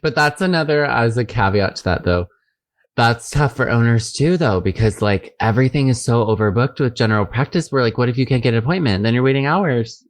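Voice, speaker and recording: A man who works as an emergency vet, talking as a podcast guest, blunt and quick to laugh. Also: mid-range voice, expressive. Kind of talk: casual chat.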